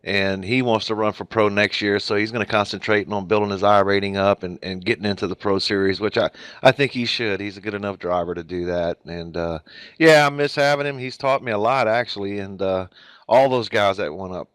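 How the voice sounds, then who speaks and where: A man with an American accent, a race winner talking casually and relaxed in a post-race interview. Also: lowish voice, brisk, smooth, dry recording, studio quality.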